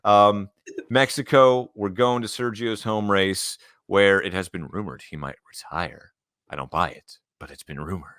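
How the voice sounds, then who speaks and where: Man, podcast co-host, low voice, forceful tone, dry sound, joking, casual chat. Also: steady tone, measured pace, dry recording. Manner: joking, runs segments.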